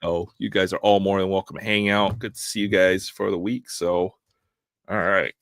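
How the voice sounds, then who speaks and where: A man's voice: deep voice, steady tone, normal speed, fairly bright tone, no room sound, clean studio sound. A man hosting a live stream, chatting casually, often laughing. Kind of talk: casual chat.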